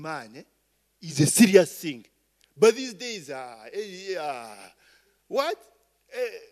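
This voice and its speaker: Slow-talking Ugandan preacher man. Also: high-pitched, warm tone. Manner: rambling, call-and-response asides, frequent "eh?" and "okay?". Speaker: pastor. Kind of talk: sermon.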